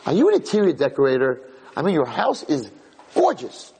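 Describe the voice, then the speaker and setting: A man voicing a teenage girl guest who gushes with praise, in a raised, excitable voice. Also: medium pitch, a little slow, breathy edge, low-quality recording. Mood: gushing. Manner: effusive, breathless praise.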